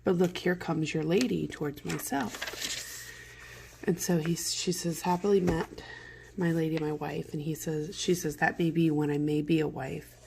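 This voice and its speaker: A woman teacher reading a play aloud and explaining it to students in casual, modern paraphrase, with throat clearing from morning allergies. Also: low-pitched, fairly even intonation, moderate pace, noisy background. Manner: conversational, paraphrases lines in plain modern words.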